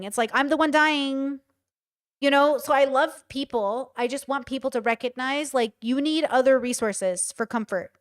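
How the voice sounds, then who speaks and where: A woman's voice: high-pitched, normal speed. A woman streaming casual live commentary, talking bluntly and with emphasis straight to her chat. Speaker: streamer reacting to a show.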